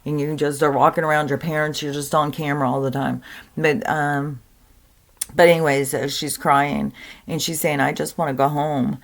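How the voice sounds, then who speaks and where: A woman's voice: deep voice, little pitch movement, normal speed. A woman giving an earnest, rambling spiritual monologue to camera, full of fillers and restarts. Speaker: spiritual content creator.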